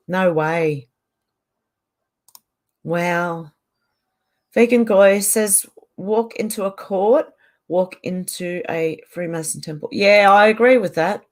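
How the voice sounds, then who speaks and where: A woman's voice: mid-range voice, slow pace, long pauses. A woman hosting a casual livestream, reading viewers' comments aloud and answering them in a chatty way. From Australia.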